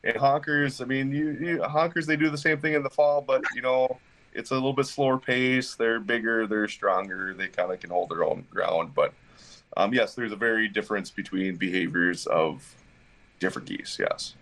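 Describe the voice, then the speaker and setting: A man talking in a relaxed podcast chat as a guest hunter, starting sentences over and stumbling through his thoughts. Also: mid-range voice, poor audio. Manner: halting, frequent restarts and fillers. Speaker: pro staff hunter guest.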